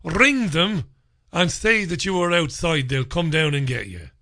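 A man's voice: a little high, lively intonation, unhurried, bright, forceful tone, full character voice. A man voicing a curt, insistent female pet-store door attendant in a story.

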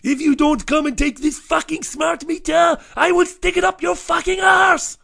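A man's voice: very high voice, steady tone, normal speed, creaky, pushed and bright, pitched above the performer's own voice, exaggerated voice. A man putting on a furious petite French woman with a heavy French accent, screaming and swearing down a phone.

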